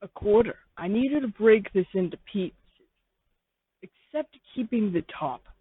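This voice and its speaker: A narrator voicing a creepy, teasing young man who talks low and bossy in a fan fiction reading. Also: animated, measured pace, breathy edge, no room sound. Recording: tinny phone-like dry sound.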